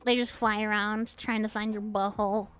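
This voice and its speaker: A woman's voice: medium pitch, little pitch movement, moderate pace, a bit bright, clean tone, soft background music. A woman streamer in casual chat, giggly, playful and rambling.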